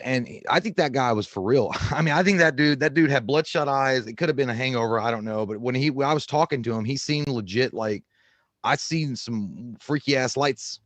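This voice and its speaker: A man co-hosting a live stream, talking in a laid-back, chatty way and reading out viewer comments. His voice is mid-pitched and the sound is dry and close. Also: no echo. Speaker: co-host of a movie live stream. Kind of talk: casual live-stream chat.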